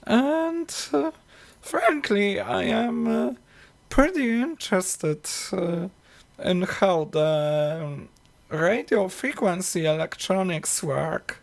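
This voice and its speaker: Slow, gravelly woman chatting on stream. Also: medium pitch, expressive. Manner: halting, many fillers and restarts, frequent laughs. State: tickly cough. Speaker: electronics streamer. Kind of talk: casual live-stream chat.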